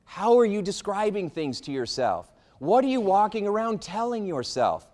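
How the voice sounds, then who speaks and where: A man giving a motivational talk, telling stories with lively, acted-out dialogue. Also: high voice, normal speed. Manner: animated storytelling, acting out a frustrated man's complaints. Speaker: motivational speaker.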